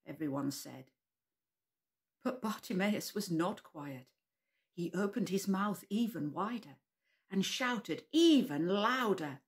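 Lively woman telling a children's story. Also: lowish voice, slow pace, pauses often. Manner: animated, leads children in call-and-response. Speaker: preschool worship leader. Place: church.

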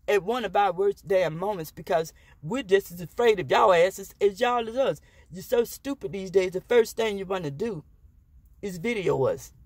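A woman's voice: medium pitch, a little mellow, husky, no echo. A woman vlogger delivering an impassioned, profane rant straight to the camera, blunt and defiant, slipping into jokes between her complaints. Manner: defiant and joking by turns.

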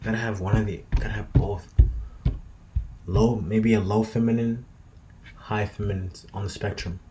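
A man's voice: on the low side, steady tone, moderate pace, warm tone, a little hiss or hum. A young man talking to himself late at night in a loose, meandering, slangy monologue that drifts into half-freestyled rhymes. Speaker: vlogger.

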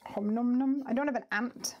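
A woman hosting a live crafting stream from her home craft room, chatting casually and thinking out loud as she works. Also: on the high side, normal speed, muffled recording. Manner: chatty, thinks aloud, easily distracted.

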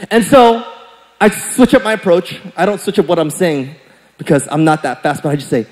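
A high-pitched young male pastor preaches in a church sanctuary, and his voice rings through a long hall reverb. He tells stories playfully and acts out quotes with sudden swings from loud to hushed. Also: brisk. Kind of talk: sermon with storytelling.

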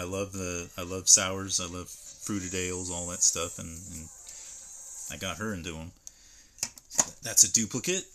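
Low-voiced man chatting through an unboxing. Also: bright, forceful tone. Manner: rambling, stops to read can labels aloud. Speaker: streamer. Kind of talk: casual live-stream unboxing chat. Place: at home.

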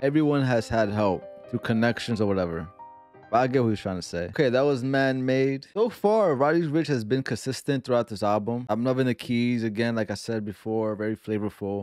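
A man from New York hosting a casual music reaction video, excitable and careful to explain his points. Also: medium pitch, dry recording.

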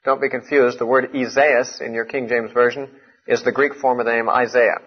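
A man's voice: mid-range voice, flat delivery, normal speed. A man teaching from the Bible in a lecture, explaining earnestly and stressing key points. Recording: muffled lo-fi recording.

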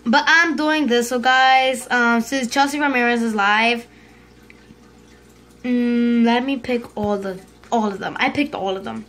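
High-pitched excitable female gamer. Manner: excitable, yelps and shrieks, fast repeated urging; drops to hushed whispers when scared. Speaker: gaming video host. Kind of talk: casual gameplay commentary.

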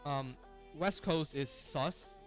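A man's voice: fairly high pitch, slow pace, soft background music. A young man streaming a game live, chatting casually with viewers, full of slang, frequent laughs and restarts. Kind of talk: casual live-stream chat while gaming.

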